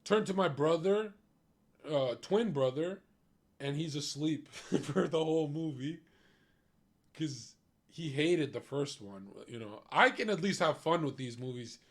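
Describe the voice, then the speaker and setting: A young man talks to his stream in a casual, blunt rant. His voice sits a little higher than most men's, and he swears freely as he runs through his opinions. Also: expressive, a little slow. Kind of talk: casual chat.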